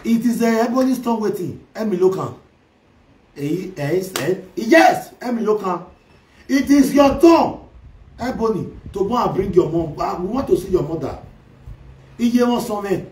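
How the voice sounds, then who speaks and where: A man ranting and taunting loudly, switching between Pidgin, Yoruba and Igbo in a social media commentary. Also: high voice, animated, normal speed, reverberant, recorded from a distance, rough recording.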